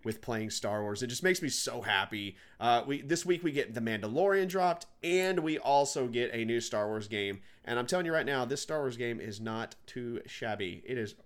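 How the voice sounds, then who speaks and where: A man's voice: mid-range voice, lively intonation, normal speed, hardly any pauses. Enthusiastic male podcast co-host. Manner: enthusiastic, warmly upbeat. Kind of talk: casual gaming podcast chat.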